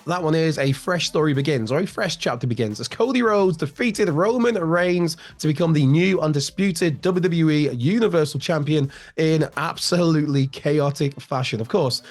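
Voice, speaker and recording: A man hosting a wrestling news show in a casual, rambling way, with a slightly raspy voice. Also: on the high side, normal speed, hardly any pauses. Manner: chatty, rambling with fillers and restarts. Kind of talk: online news commentary.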